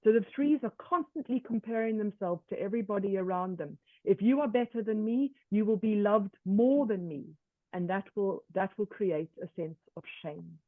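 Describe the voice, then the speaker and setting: A woman presenting a workshop lecture in a measured way, often slipping into first-person examples. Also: mid-range voice, no room sound. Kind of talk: online lecture. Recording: tinny dry call audio.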